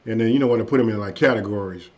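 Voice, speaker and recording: Low-voiced laid-back man streaming live. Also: rapid-fire. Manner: loose and conversational, frequent "hey" and "you know what I mean". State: a bit under the weather, low energy. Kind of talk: casual live-stream chat reviewing viewers' channels. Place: at home. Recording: dull lo-fi stream audio.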